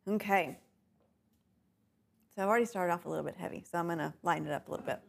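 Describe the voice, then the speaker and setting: A woman teaching a bible class, unhurried and often laughing with her students. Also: lowish voice, vocal fry. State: tickle in throat, coughing.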